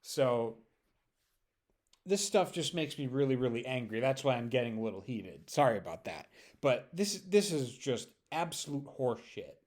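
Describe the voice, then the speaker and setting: A man's voice: mid-range voice, sing-song, moderate pace, a little mellow. A man reacting to a news clip, ranting heatedly and sarcastically with mocking impressions. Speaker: political commentary vlogger. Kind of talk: reaction commentary.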